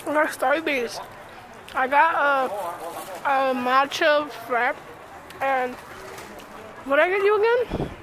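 A woman's voice: sits high, slow, long pauses, noisy background. A young woman vlogging on a phone while shopping in a busy mall, giggly and teasing. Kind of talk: casual chat while shopping. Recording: crowd chatter behind.

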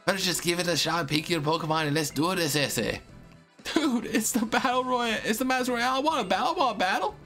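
A man's voice: a little high, sharp tone, soft background music. A man hamming up a Mexican-accented luchador. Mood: pumped. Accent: Mexican Spanish, put on. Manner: drawn-out hype announcer calls with "ese" tags. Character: boisterous masked male luchador wrestler showman. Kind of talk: reading game dialogue aloud in a voice.

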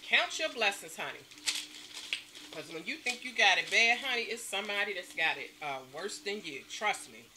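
A woman vlogging from home late at night, chatting to her viewers and calling them honey and y'all at every turn, with loud emphatic stresses. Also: medium pitch, sing-song, moderate pace, background noise. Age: adult mother. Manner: emphatic, stresses words with bursts of loudness. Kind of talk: casual chat to camera.

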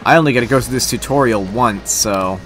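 A man giving excited gameplay commentary, gushing in loud, exclamatory bursts. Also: medium pitch, a little fast, faint music behind. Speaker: let's-play gamer.

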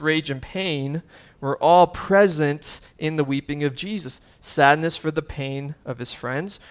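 A man's voice: on the high side, fairly bright tone. A man preaching a sermon as pastor, earnest and conversational, with casual asides and fillers.

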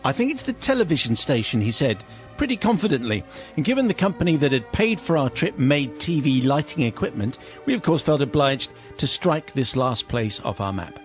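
A British man, a radio host, reads a listener's comic story aloud with lively, amused delivery and playful quoted voices. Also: medium pitch, normal speed, soft background music.

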